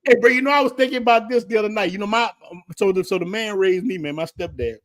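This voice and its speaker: Philly guy in his 40s, high voice, loud and slangy, laughs a lot, barbershop-style chat. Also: fast talker. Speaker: podcast host.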